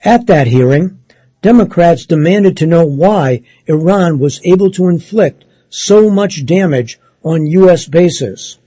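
A man reading a news article aloud in a measured, steady way, sometimes stopping to correct himself. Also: on the high side, breathy edge, no echo, rough recording. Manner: measured, steady read with occasional self-corrections.

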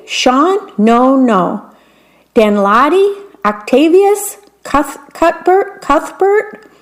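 Anxious young fairytale queen , woman doing it, pitched very high, fretful. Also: full character voice. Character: young girl who becomes queen, anxious.

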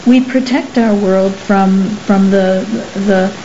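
A woman's voice: mid-range voice, fairly even intonation, warm tone, lightly acted. A woman reading an audiobook, voicing a timid, frightened young man who stammers and halts. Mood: fearful. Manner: halting, stammering. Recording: slightly muffled with faint hiss.

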